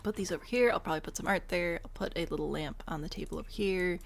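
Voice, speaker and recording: A woman's voice: on the low side, fast talker, creaky, slight background noise. A young woman giving casual, rambling gameplay commentary, thinking aloud and poking fun at herself. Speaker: gameplay host.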